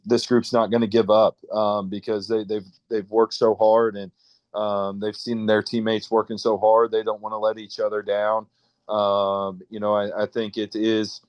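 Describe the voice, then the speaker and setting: A high school football coach with a low, even voice and a Midwestern American accent. He answers radio interview questions haltingly, full of fillers and restarts, on a dry, close mic. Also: dry recording, dull audio.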